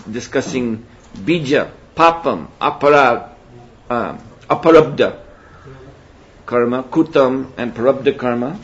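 A man teaching a spiritual seminar in a measured, reflective way, often pausing to hesitate. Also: medium pitch. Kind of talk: spiritual lecture. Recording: dull lo-fi recording with faint hiss.

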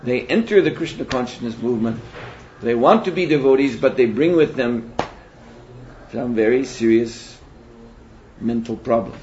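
A man teaching a spiritual seminar in a measured, reflective way, often pausing to hesitate. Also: medium pitch, darkish tone. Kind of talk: spiritual lecture. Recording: dull lo-fi recording with faint hiss.

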